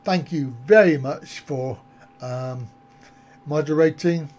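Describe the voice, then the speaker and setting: A man's voice: fairly high pitch, takes it slowly, a little mellow. A man hosting a travel vlog live stream, chatting with viewers in a jokey, rambling, easygoing way.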